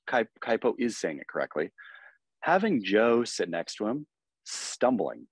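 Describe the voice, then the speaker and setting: An American man co-hosting a podcast in casual chat, animated and quick to act out mock dialogue. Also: fairly low pitch, breathy edge, no room sound. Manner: animated, acts out mock dialogue, laughs often. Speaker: podcast co-host.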